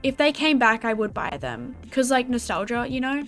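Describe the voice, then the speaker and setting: A teenage girl with an Australian accent chatting casually to her viewers in a vlog, bubbly and quick to giggle. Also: a little high, a bit bright, soft background music. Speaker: gaming YouTuber.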